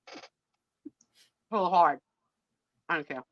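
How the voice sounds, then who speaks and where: A woman's voice: lowish voice, a little slow. A middle-aged woman co-hosting a live stream, telling a dating story in casual chat and acting out the voices of people in it. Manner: animated, acts out voices in her stories. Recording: dull lo-fi stream audio.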